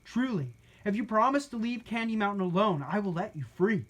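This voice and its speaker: A woman voicing a grand, solemn male hugging warrior in a storybook reading, declaiming loudly. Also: lively intonation, a little fast, natural voice. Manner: declaiming, booming.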